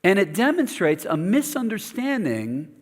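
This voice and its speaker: Lively pastor telling a story in a reverberant hall. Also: male voice, high voice, moderate pace. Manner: animated storytelling, self-mocking, lively asides. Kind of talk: sermon with personal story. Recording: long reverb of a church hall.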